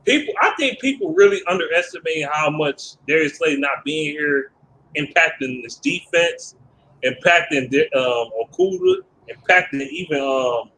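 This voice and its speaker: A man on a casual sports talk call, animated and slangy. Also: fairly high pitch, a little hiss or hum, poor audio. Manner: animated, slangy, quick to laugh. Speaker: guest caller. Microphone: home mic on an online call.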